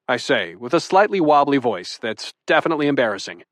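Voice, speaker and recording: A man's voice: medium pitch, sing-song, brisk, fairly bright tone, no echo. Wry young man narrating an audiobook. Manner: wry, comic, self-deprecating storytelling. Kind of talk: first-person romance audiobook narration. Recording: dry studio booth.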